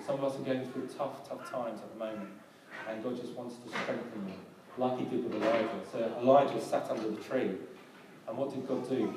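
A pastor preaches a sermon in a halting way, often restarting and filling pauses with um. He sounds far from the mic in a very echoey hall. There is noise behind him. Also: mid-range voice. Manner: hesitant, many ums and restarts. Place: church hall.

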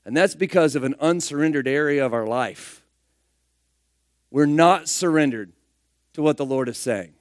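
A man preaching a sermon, firing rhetorical questions and swinging between loud emphatic bursts and hushed asides. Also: a little high, normal speed, pauses often, dry recording, clean studio sound.

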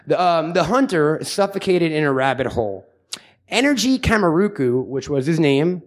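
A man's voice: on the high side, lively intonation, moderate pace. A man hosting a comedy podcast, rambling and joking crudely with plenty of fillers. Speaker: podcast host. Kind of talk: casual comedic banter.

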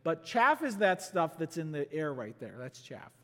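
A pastor delivering a sermon, teaching through a passage with emphatic bursts and slowed, stressed phrases. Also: male voice, a little high, big pitch swings, pushed and bright. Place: church sanctuary. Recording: long reverb of a church hall.

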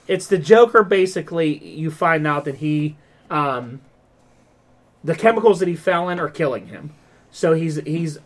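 A podcast host with a voice pitched a little higher than most men's. He talks in a loose, chatty way and strings his story together with lots of "like" and "um", sounding animated the whole time. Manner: rambling, animated retelling with many fillers. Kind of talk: casual podcast chat.

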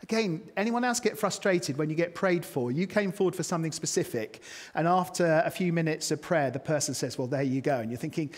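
Chatty preacher in an echoing hall. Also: male voice, a little high, brisk. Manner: chatty, self-mocking asides to the congregation. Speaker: pastor. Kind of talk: sermon. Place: church hall. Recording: long reverb of a church hall.

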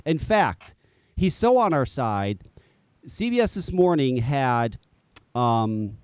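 A man's voice: mid-range voice, slow, smooth, no echo. A man hosting a live call-in show in a casual, rambling way, with loose swearing along the way. His voice swings up and down a lot as he talks. The sound is dry and close, with no room around it. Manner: animated, rambling, swears freely. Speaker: podcast host. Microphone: headset.

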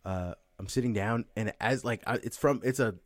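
A young man with a lowish voice tells a meandering, foul-mouthed story at a normal pace, packed with "like" and swearing. He's a podcast co-host chatting casually, and the recording is dry with no echo.

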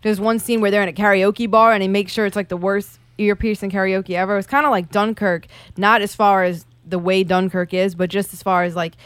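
A woman's voice: medium pitch, fairly even intonation, brisk, hardly any pauses, clear, resonant tone, no echo. A woman co-hosting a casual podcast, talking about movies in a profane, laughing way. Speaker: podcast co-host.

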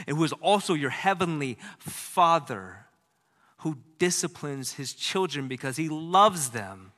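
Middle-aged preacher in a reverberant hall. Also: male voice, a little high, animated, measured pace. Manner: swings from loud urgent exhortation to soft hushed near-whispers. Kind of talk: sermon.

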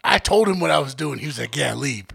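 A man's voice: medium pitch, animated, fast, gravelly, fairly bright tone, slightly rough. A young man co-hosting a podcast, telling a story in casual chat with a joking, laid-back manner. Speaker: podcast co-host.

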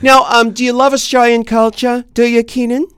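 A man's voice: very high-pitched, level tone, fairly quick, a bit bright, smooth, no echo, clean studio sound. A man from San Diego co-hosting a podcast, chatting in a playful, teasing, campy way. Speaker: podcast co-host. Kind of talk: casual chat.

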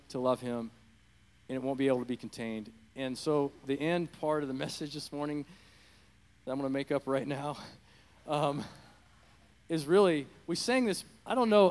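A man preaching an improvised sermon into a handheld mic in a church, rambling and growing fervent and loud. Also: on the high side, clean tone, big-room sound. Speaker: pastor. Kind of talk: unscripted sermon. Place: church sanctuary. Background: worship music.

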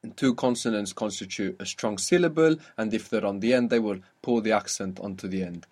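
A man's voice: lowish voice, darkish tone. Patient man teaching a language lesson. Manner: patient, drills words slowly and clearly.

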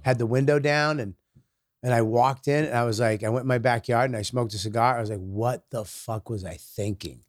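A man who is a comedian guest telling stories in a profane, animated way, acting out quotes. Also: mid-range voice, fast, dry recording, clean studio sound. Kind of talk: casual storytelling.

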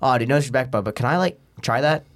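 A man's voice: medium pitch, fast talker, background noise. A young man as a podcast guest, telling a long story in a rambling, profane way and acting out the people in it. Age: young adult. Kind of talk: casual storytelling.

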